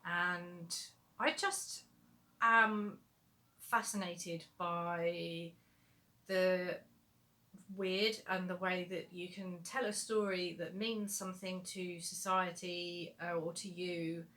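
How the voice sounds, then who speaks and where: A woman's voice: on the low side, steady tone, takes it slowly, sharp tone. A young adult woman, an author answering viewer questions in a casual livestream Q&A, chatty and rambling with lots of fillers.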